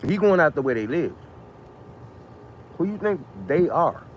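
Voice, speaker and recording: A man rants on his live stream, stacking up rhetorical questions and profanity. His voice sits fairly high. The sound is muffled and lo-fi, with a faint hiss behind it. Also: big pitch swings, a little slow. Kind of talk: casual live-stream rant.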